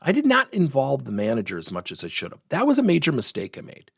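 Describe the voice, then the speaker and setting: A middle-aged man coaching through a story in an animated way, his pitch swinging widely as he acts out the people in it. His voice is slightly husky at a middle pitch, and it sounds close and dry, with no room around it. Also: quick pace, dry recording. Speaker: workplace coach.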